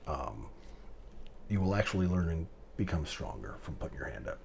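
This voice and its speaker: A man's voice: rumbling low, sing-song, moderate pace, vocal fry. A middle-aged man giving rambling, emotional fatherly advice to his daughters in a heartfelt vlog monologue.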